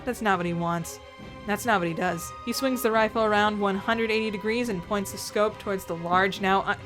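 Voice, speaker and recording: A woman reading a story aloud, theatrical and sarcastic, with asides to the listener. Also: a little high. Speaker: reader reacting to fan fiction.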